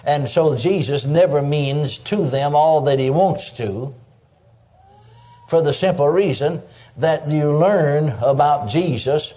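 A man's voice: fairly high pitch, takes it slowly, dark tone. A man preaching a sermon, emphatic, breaking in with cries of praise and calling on listeners to answer him. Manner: calls for audience response.

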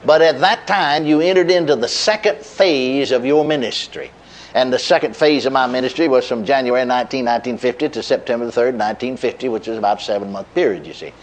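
A middle-aged man preaching a sermon, telling a story in a folksy way with chuckles and repeated words. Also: fast talker. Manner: lively pitch, dropping low at line ends.

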